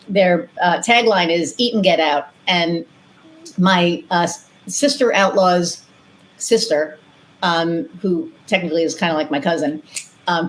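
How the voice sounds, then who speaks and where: A podcast host from New York, a woman with a somewhat low voice. She tells her stories in an animated, excitable way, keeping the chat casual. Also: poor audio.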